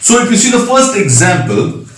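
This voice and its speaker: A man's voice: sits high, big pitch swings, moderate pace, a little hiss or hum. Man teaching grammar in an echoey room. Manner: patient, spells out letters, frequent "right?" checks. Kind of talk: recorded grammar lesson. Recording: echoey room, mic at a distance.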